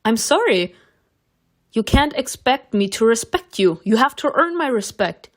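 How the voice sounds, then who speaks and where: A woman's voice: sing-song, a little slow. Sassy young woman reacting to a game. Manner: sassy, emphatic, jumps up in pitch when protesting. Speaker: channel host playing a story game. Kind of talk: casual reaction commentary.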